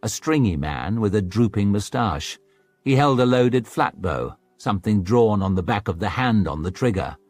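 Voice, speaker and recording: A man narrating an audiobook in a dramatic, expressive storytelling manner. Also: on the low side, moderate pace, no echo, soft background music.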